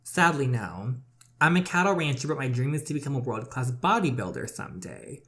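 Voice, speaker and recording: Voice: mid-range voice, very animated, fairly quick, fairly bright tone. A gamer reading the lines of a flirty cattle rancher in his forties with a slight southern drawl. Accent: slight Southern US, put on.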